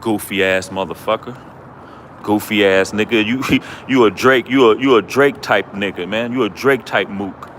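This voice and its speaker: Male livestream host, low voice, repetitive mocking rant, outdoors with faint traffic. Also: moderate pace, fairly bright tone. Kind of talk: ranting livestream monologue.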